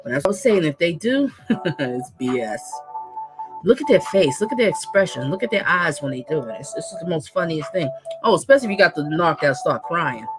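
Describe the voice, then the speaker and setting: A woman's voice: deep voice, big pitch swings, a little fast, over music. A woman hosting a casual livestream, talking emphatically, repeating herself and reading out viewer comments. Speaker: livestream host and coach.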